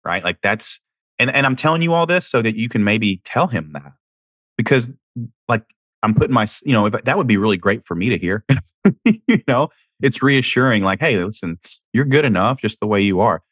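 A man's voice: mid-range voice, very animated, moderate pace, fairly bright tone, no echo, studio quality. A young adult man hosting a podcast, giving candid conversational advice and often restarting his words. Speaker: podcast host. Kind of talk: casual advice talk.

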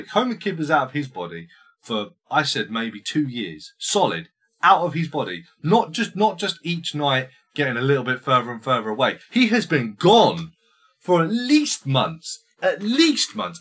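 Animated, swearing podcast host. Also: male voice, mid-range voice, husky. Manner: animated, swears often, acts out scenes in loud voices. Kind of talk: casual film chat.

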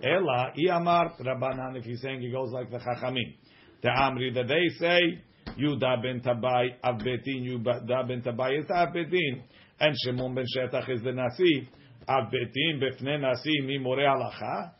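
A man's voice: mid-range voice, normal speed, muffled recording. A man teaching a Gemara class, reading the text aloud and translating it with joking asides. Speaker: Talmud teacher.

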